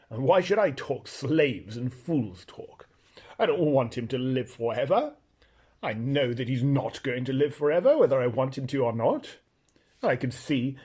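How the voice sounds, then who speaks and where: A man's voice: mid-range voice, darkish tone, husky. A man voicing a proud, bossy talking horse. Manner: brisk, lecturing, openly scornful. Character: proud talking male warhorse, blunt and bossy.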